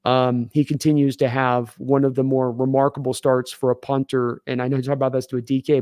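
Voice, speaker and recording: A man's voice: mid-range voice, mellow, dry recording. Rambling man with a dry close sound. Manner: rambling, many fillers and restarts. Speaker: podcast host. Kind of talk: casual sports talk. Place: home studio, live stream.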